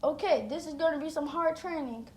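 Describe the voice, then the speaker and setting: A woman's voice: high-pitched, brisk, a little mellow, close to an everyday voice. A woman voicing a brash older male ninja trainer who talks casually, recorded in a roomy space. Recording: roomy echo, faint noise.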